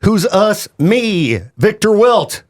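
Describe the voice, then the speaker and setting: A man hosting a radio show from the studio, upbeat and quick to agree and laugh. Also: high-pitched, animated. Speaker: radio host. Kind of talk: casual radio chat. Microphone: studio microphone.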